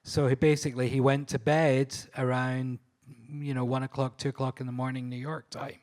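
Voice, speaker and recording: A Scottish man speaking at a live panel event, recounting his photo shoots with eager, breathless excitement. He laughs often and stumbles over his words as the stories tumble out. His voice sits at an ordinary middle pitch. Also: normal speed. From Scotland. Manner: enthusiastic storyteller, laughs often, restarts and fillers. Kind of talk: anecdotal talk at a public event. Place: live talk venue.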